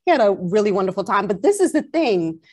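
Chatting casually as a podcast co-host, this woman from Long Island tells a story about her own faith in a New York accent. She speaks quickly in a mid-range voice with a breathy edge, growing animated and drifting into a New York drawl.

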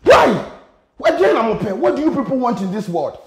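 A man's voice: very high-pitched, big pitch swings, quick pace, reverberant, very noisy. A man with a Ghanaian accent, vlogging an exasperated, profane rant with lots of repetition. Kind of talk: angry rant to camera.

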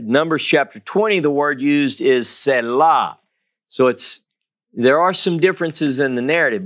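A man's voice: mid-range voice, fairly bright tone. A man giving a Torah teaching, reading scripture dramatically and stressing key phrases by repeating them. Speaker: Bible teacher.

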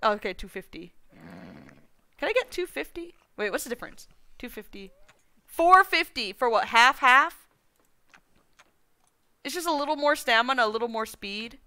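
A woman's voice: high-pitched, expressive, normal speed, pauses often, bright, forceful tone, smooth. A woman streamer giving live gameplay commentary, thinking aloud and rambling to herself with playful folksy slang.

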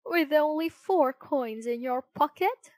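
A woman's voice: high-pitched, expressive, slow pace, a little mellow, dry recording, voice pushed up. A woman voicing a scheming cat in a sly, persuasive manner. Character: scheming cat, the fox's partner.

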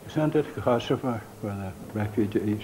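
A man giving quiet, subdued replies as a guest on a television interview. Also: on the low side, a little fast, noisy background.

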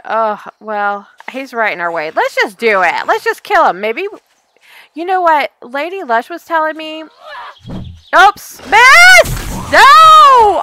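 A woman's voice: a little high, pushed and bright, a little hiss or hum. A woman hosting a game let's play, chatting as she plays, talking to enemies, easily startled and often laughing. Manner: chatty, thinks aloud, talks to the enemies. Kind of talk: casual gameplay commentary.

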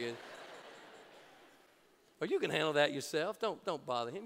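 Casting note: man pastor, energetic joking sermon, lively pitch, gravelly edge, reverberant church hall. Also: brisk. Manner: energetic, jokey preaching with rising shouts. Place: large church auditorium.

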